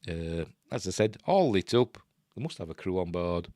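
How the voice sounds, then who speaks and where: A Yorkshire man hosting a casual live stream, reading news aloud and drifting into chatty asides. His voice sits fairly low but swings around a lot, with a dry, close sound. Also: very animated, moderate pace, warm tone, no echo. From Yorkshire, England. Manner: chatty and digressive, breaks off into asides.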